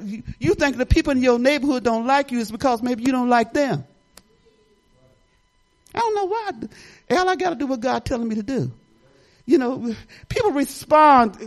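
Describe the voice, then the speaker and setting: A woman's voice: high-pitched, rough recording. An older woman pastor talks her sermon more than she preaches it. Her delivery is folksy and conversational, wandering into personal stories and asides. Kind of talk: informal testimony sermon.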